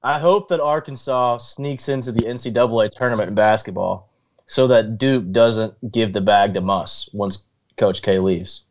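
A man co-hosting a casual podcast, teasing his friends and giving quick sports takes. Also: fairly low pitch. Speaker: podcast co-host. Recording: dull lo-fi audio.

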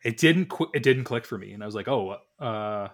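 A man's voice: lowish voice, fairly quick. Rambling man telling a story. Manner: rambling anecdotal storytelling with many restarts and animated quoted dialogue. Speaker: podcast co-host. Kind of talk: casual podcast chat.

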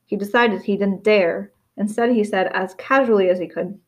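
A woman reading a novel aloud in steady storytelling, with small slips and restarts. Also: medium pitch, normal speed, few pauses. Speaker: reader.

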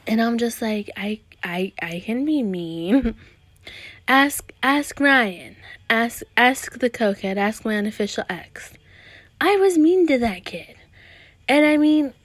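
Young woman podcaster, brash and profane, lively casual rant, higher voice, dead dry close mic. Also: no echo. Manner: profane, animated, heavy swearing.

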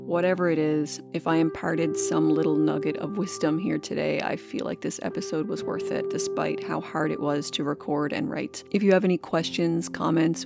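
A woman's voice: sits low, gravelly. A woman hosting a podcast, talking in a casual monologue, earnest and encouraging and swearing casually. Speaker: podcast host.

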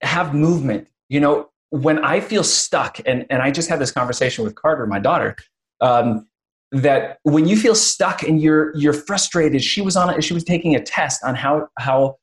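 A man hosting a conversational interview, telling a lively story and acting out the voices of people in it. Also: a little high, normal speed. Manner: animated storyteller, acts out quotes. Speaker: podcast host.

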